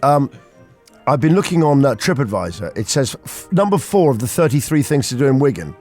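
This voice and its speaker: A man's voice: mid-range voice, brisk, faint music behind. A man hosting a jokey radio show from a studio, telling stories with lots of energy. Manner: animated, joking storyteller. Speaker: radio host. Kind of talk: jokey breakfast radio chat. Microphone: studio microphone.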